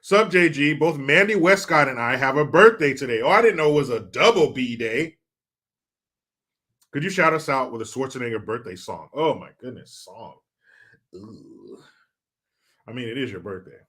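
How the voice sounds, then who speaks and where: A man's voice: medium pitch, lively intonation, moderate pace, pushed and bright. A middle-aged man hosting a casual livestream, reading viewer comments in a loose, joking, sometimes profane way. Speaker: livestream host.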